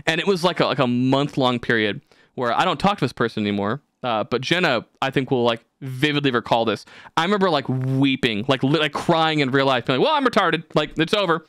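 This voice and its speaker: A young man hosting a podcast, telling stories in casual chat with lots of swearing and animated energy. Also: mid-range voice, brisk, clear, resonant tone, no room sound, clean studio sound. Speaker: podcast host.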